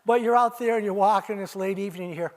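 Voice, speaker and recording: At an arts center auditorium, an older owl researcher gives a festival talk in a fairly high voice with fairly even intonation and a quick pace. He tells little stories, addressing his listeners as "you," and now and then imitates owl calls.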